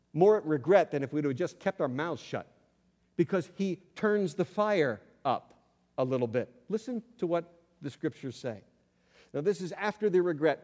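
Male pastor, sermon delivery, animated storyteller, dynamic loud-soft shifts, reverberant church sound. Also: fairly high pitch. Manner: animated storytelling, swings between loud emphasis and quiet asides. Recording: long hall reverb.

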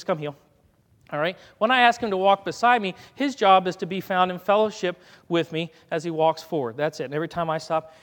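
Folksy preacher, male, high voice, long church-hall reverb, talks easily to the congregation and the dog. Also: a bit bright. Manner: chatty, folksy, gives dog commands mid-sermon. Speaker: guest preacher. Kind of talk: conversational sermon with live dog demonstration. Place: church sanctuary.

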